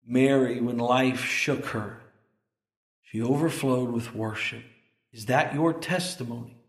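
A male pastor preaches from the pulpit, pressing his congregation with earnest, pointed questions before leading them in prayer. He speaks at an unhurried pace in a mid-range voice. The sound carries the echo of a church sanctuary. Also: medium pitch. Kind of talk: sermon with closing prayer.

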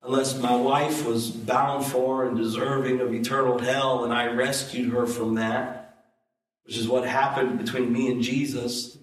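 A man preaching a conversational sermon as a pastor, building up loud and high when he stresses a point. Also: flat delivery, a little slow. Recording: echoey hall, from far off.

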